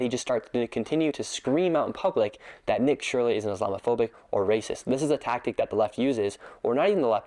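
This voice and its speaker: Quick scripted voice-over, man with a lowish voice, earnest and indignant. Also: a little mellow. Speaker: video creator narrating. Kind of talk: scripted narration.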